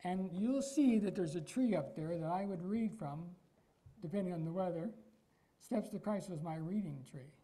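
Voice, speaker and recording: Mellow-voiced preacher from Iowa, man. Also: sits high, moderate pace, poor audio. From Iowa, United States. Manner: emphatic, asks the congregation rhetorical questions. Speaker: pastor. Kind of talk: sermon.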